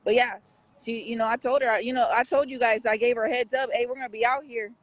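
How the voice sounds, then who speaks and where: A man's voice: very high voice, steady tone, fast talker, fairly bright tone, poor audio. A man hosting a casual live street-news stream outside a courthouse, rambling and talking straight to his viewers.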